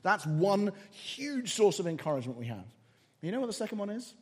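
A man preaching a sermon in an energetic, emphatic way, often checking in with the listeners by asking "right?". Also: high-pitched, fairly quick, breathy edge.

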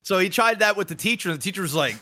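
This thirty-something podcast co-host talks rapid-fire in casual chat, and the recording is very noisy. He tells stories with lots of energy, curses freely, and switches to a high-pitched voice to quote people.

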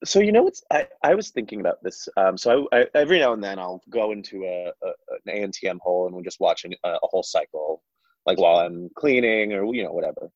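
A man's voice: low voice, expressive, quick pace, dry recording, muffled recording. A man hosting casual chat, rambling with lots of fillers and frequent laughs.

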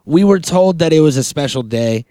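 A man hosting a comedy podcast, rambling in casual chat and deadpan mock-boss banter. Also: on the high side, moderate pace, no room sound, studio quality. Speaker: podcast host.

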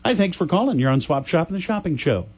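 A man's voice: a little high, sing-song, fast, darkish tone, breathy edge, faint music behind. A man hosting a call-in radio swap show, folksy and stammering when flustered. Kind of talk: casual call-in radio chat.

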